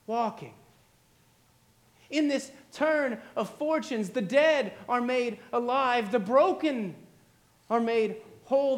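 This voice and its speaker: A man preaching a sermon, retelling a story dramatically with repeated refrains. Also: extremely high pitch. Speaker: pastor.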